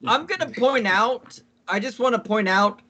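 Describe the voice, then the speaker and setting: A man's voice: extremely high pitch, lively intonation, moderate pace, pushed and bright. A man playing in a tabletop game, defensive and casually swearing. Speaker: player.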